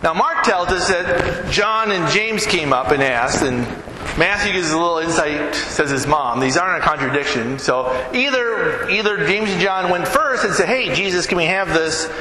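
A man's voice: sits high, animated, moderate pace, pushed and bright, very echoey, long reverb tail, a little hiss or hum, poor audio. A man preaching a conversational sermon as pastor, often turning to the listeners with questions.

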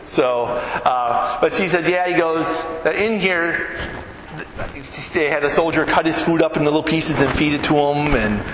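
A man's voice: on the high side, a little slow, heavy reverb, big-room sound, background noise. A man preaching a conversational sermon as pastor, often turning to the listeners with questions.

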